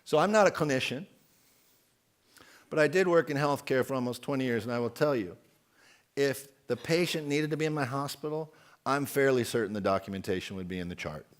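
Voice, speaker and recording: A man's voice: medium pitch, a little fast. A man in his forties giving an outspoken, emphatic conference keynote and putting questions to the audience. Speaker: keynote speaker.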